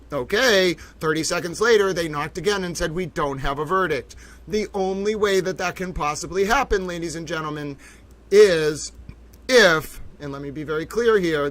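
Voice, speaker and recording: A man hosting a live stream, talking in an excited, breathless way and repeating himself. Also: on the high side, low-quality recording. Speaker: livestream host.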